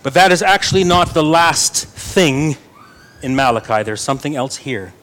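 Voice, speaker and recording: Earnest higher-voiced man preaching. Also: animated, normal speed, fairly bright tone. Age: young adult. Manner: earnest preaching with playful asides. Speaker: pastor. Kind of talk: sermon.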